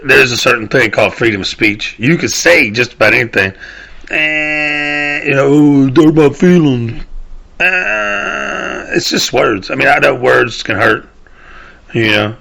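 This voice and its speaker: A podcast host from the Southern US delivers a casual solo rant, swearing and rambling, frequently trailing off before restarting. His lowish voice is creaky, pushed and bright.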